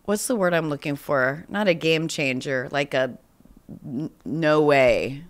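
A podcast host goes through voicemails in a relaxed chat, speaking in a low, unhurried voice that's a bit nasal like she has a cold. She tends to ramble and make self-deprecating remarks, frequently starting over and breaking into laughs.

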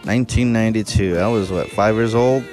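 A man's voice: fairly low pitch, brisk, a little mellow, soft background music. A man in his thirties hosting a reaction video, talking casually, laughing often and swearing freely. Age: 30s.

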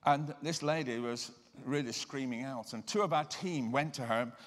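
A man giving a sermon-style lecture. He tells personal stories and slows down to stress key words. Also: medium pitch. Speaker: guest lecturer and deliverance minister. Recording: reverberant lecture hall.

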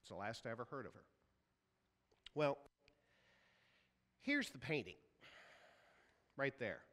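A man's voice: medium pitch, sing-song, slow, fairly bright tone, big-room sound. A man preaching a sermon as a pastor, telling a story and acting out the people in it. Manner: storytelling, acts out quoted voices. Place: church sanctuary.

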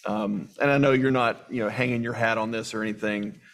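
A man's voice: on the low side, steady tone, a little fast. Guy hosting a faith interview, encouraging, thanking his guest a lot. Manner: warm, encouraging, affirming. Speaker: host.

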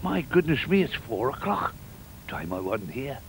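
An older man telling a children's story in an animated, playful way, with sound effects. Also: mid-range voice, moderate pace, background noise.

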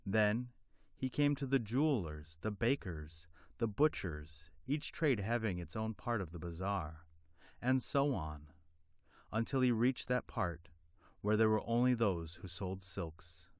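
A man narrating a fairy tale in a measured, deliberate storybook reading. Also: fairly low pitch, lively intonation, no room sound, studio quality.

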